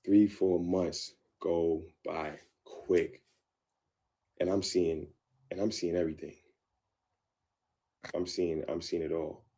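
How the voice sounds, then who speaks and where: Man, dark and mellow voice, earnest, repetitive, live-stream story. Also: low voice, little pitch movement, slow pace, long pauses, breathy edge. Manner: repetitive, earnest, swings from quiet musing to heated.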